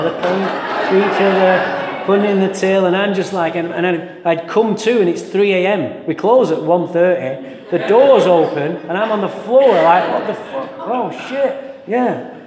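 A high-pitched man shares his personal recovery story with an audience, frank and lively, poking fun at himself and voicing the thoughts he used to have. The sound is that of an echoey hall.

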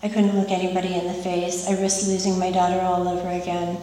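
Woman, recovery meeting speaker, candid, emotional, flat delivery, distant mic, long reverb. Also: fairly low pitch, a little hiss or hum. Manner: candid, emotional, halting with fillers. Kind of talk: personal testimony. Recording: echoey hall from far off.

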